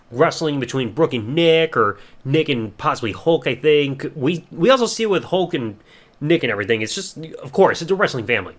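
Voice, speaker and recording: A man's voice: fairly high pitch, fairly bright tone. A young man hosting a casual solo review podcast, rambling along and swearing casually. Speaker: podcast host.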